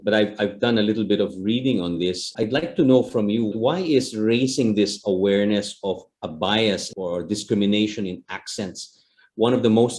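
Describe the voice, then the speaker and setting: Male interview host, conversational, lower pitch. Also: a little mellow. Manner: conversational, with short affirming murmurs. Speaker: host, diplomat. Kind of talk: interview questions.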